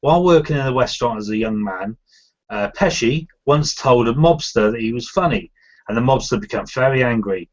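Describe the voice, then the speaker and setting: A relaxed man shares film trivia in casual chat with a co-host. He agrees easily and trips over names as he reads. The recording is muffled and lo-fi. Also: medium pitch, a little fast. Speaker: podcast co-host.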